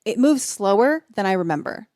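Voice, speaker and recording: A woman's voice: medium pitch, big pitch swings, normal speed, darkish tone, no room sound, studio quality. A woman hosting a podcast, chatting casually about a film score and saying "like" a lot. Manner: casual, uses "like" often. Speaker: podcast host.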